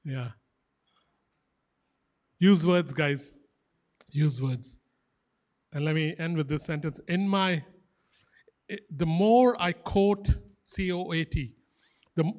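A man preaching a sermon as pastor, emphatic and fervent, repeating short phrases for stress. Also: on the high side. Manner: fervent, animated exhortation.

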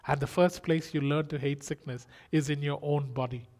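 A man's voice: fairly high pitch, steady tone, moderate pace, darkish tone. A man preaching a sermon in an earnest style, asking rhetorical questions and exclaiming.

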